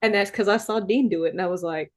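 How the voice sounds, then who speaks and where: A woman's voice: medium pitch, fast talker. A woman hosting a podcast who also performs a famous singer's songs, chatting casually, often saying "like" and laughing. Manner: lively, laughs, uses filler "like".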